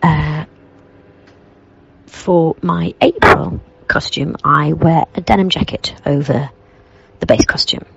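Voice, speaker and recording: A woman actor introducing her roles and costumes, unhurried and hesitant, with a very breathy voice. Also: low voice, a bit bright, dull audio. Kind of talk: audio introduction to a play.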